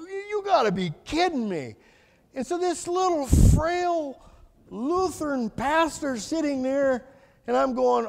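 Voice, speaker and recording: A man with a high-set voice that swings widely up and down delivers a folksy, colloquial testimony from the pulpit. His storytelling is animated and plainspoken. The sound carries a long, echoey church reverb. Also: vocal fry. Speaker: guest speaker giving testimony. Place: church sanctuary.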